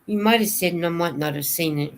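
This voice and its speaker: Woman, slightly low pitch, chatty livestream host, answers comments. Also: fast talker, gravelly. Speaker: knitting vlogger hosting a livestream. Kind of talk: casual livestream chat.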